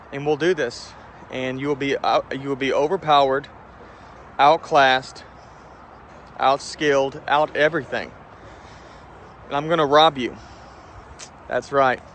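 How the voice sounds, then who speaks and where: A man's voice: medium pitch, a bit bright, a little hiss or hum. A man taunting a rival fighter in a cocky, mocking callout video. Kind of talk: trash-talk callout video.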